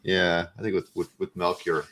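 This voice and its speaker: Deep-voiced host chiming in. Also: male voice, normal speed. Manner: brief relaxed interjections. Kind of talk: casual chat.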